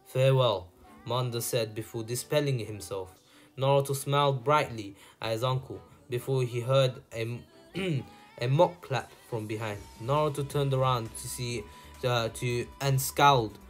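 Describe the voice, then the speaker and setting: A man reads a story aloud at a middle pitch, often tripping over words and fixing them. Faint music plays under his voice. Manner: halting reading with self-corrections and asides. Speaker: fan fiction reader. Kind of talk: reading fan fiction aloud.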